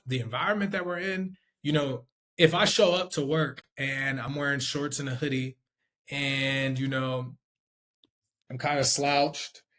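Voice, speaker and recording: A man with a voice pitched a little higher than most men, talking through sales skills in loose, unscripted instruction. He thinks aloud, restarts his sentences, and keeps checking in with the listener. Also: a bit bright. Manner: conversational, checks in with "okay?" and "right?". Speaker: sales trainer.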